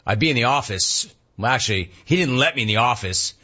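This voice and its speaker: A man hosting a sports talk show, reading listener messages with animated, joking asides. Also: medium pitch, brisk, breathy edge, muffled recording.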